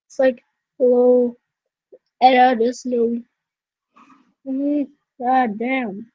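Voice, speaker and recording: A woman's voice: on the high side, little pitch movement, drawn-out words, long pauses, mellow, a little hiss or hum. A woman reading a visual novel aloud with self-mocking, chatty asides. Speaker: let's player. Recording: dull, lo-fi, dry.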